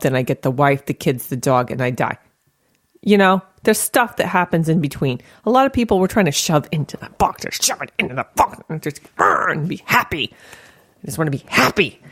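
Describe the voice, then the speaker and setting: Animated, swearing woman podcast host. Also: low voice, no echo, clean studio sound. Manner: animated, profane, playful. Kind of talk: casual podcast chat.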